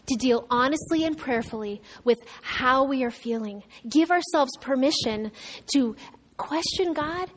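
With a clear, fairly high voice, a woman pastor gives a conversational sermon marked by asides and restarts. She moves back and forth between emphatic, raised lines and gentle, hushed ones.

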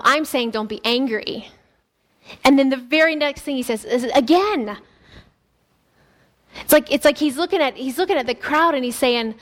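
A woman pastor preaching a sermon in an earnest, conversational way, often restarting her sentences. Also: high voice.

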